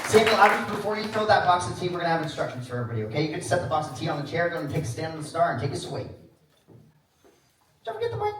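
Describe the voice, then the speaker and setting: Hyped-up teacher guy running class presentations, far off in a super echoey room, loud noisy crowd. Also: fairly high pitch, very fast, hardly any pauses. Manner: enthusiastic, hypes students, laughs often. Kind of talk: energetic classroom emcee.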